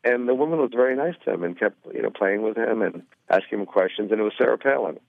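A middle-aged man talks low and easy over a tinny phone line, rambling through his stories with plenty of fillers. The sound is dry and narrow, like a call patched into a radio show. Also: fast, gravelly, dry recording. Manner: easygoing, rambling with many fillers. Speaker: guest comedian. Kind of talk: phone interview chat.

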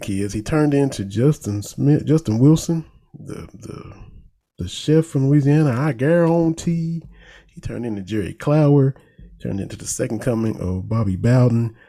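Gravelly Eastern Kentucky sports talker. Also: male voice, medium pitch. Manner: folksy, animated, laughs at his own jokes. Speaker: sports talk host. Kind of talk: casual sports commentary.

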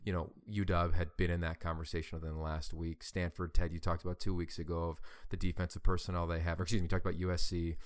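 A man co-hosting a college football talk show, speaking in an energetic, animated way. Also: low voice, quick pace, hardly any pauses, clean tone. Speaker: college football show co-host, play-by-play announcer. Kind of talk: casual sports talk.

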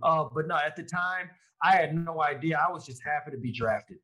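A man, a former pro football player, telling his story in a casual interview, animated and quoting his own thoughts. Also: fairly high pitch, brisk, rough recording. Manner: animated, lively retelling with quoted inner thoughts.

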